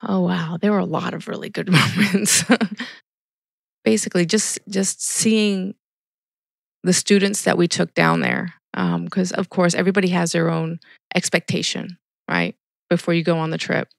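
A woman's voice: on the low side, moderate pace, creaky, dry recording, clean studio sound. A middle-aged woman, a ministry volunteer, telling stories earnestly in a casual podcast interview. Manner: earnest storytelling with quoted dialogue.

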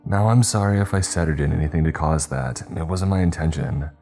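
A man voicing a wary young woman who works at a tech store, keeping her tone calm and guarded. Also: very deep voice, fairly quick, faint music behind. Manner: guarded, trying to sound calm.

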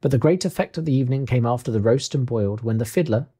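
A man narrates a classic tale as an audiobook in a measured, expressive way. His voice is mellow and slightly husky. He sits at a middling pitch. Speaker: audiobook reader.

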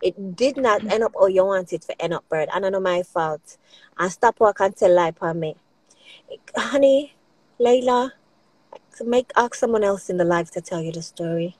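A woman's voice: mid-range voice, normal speed, no echo, low-quality recording. A woman scolding dramatically in a live chat. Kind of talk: casual live stream chat.

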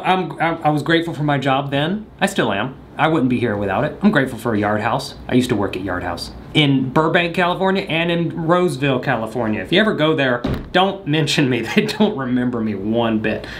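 A man's voice: a little high, slight background noise. Goofy rambling man. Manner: goofy, joking, talks to the camera. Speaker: vlogger. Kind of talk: rambling comedic monologue.

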